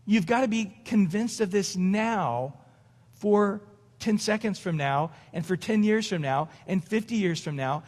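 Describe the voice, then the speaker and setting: In a church sanctuary with long hall reverb, a middle-aged male pastor delivers an evening sermon in an unhurried, high but darkish voice. His preaching is conversational, with laughter and small acted-out dialogues.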